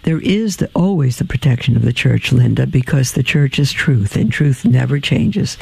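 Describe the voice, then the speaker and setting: A tired man hosting a religious radio program, answering listener mail in a halting, plain-spoken way with many ums and restarts. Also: medium pitch, creaky, a little mellow, husky, dry recording, poor audio. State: tired and yawning. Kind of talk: religious call-in radio talk.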